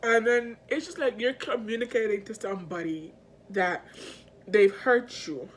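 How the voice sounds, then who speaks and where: A woman's voice: fairly high pitch, unhurried, a little hiss or hum. A woman filming a personal video update, talking in an earnest, emotional way that rambles and halts, full of fillers and restarts. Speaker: vlogger. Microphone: self-filmed camera mic.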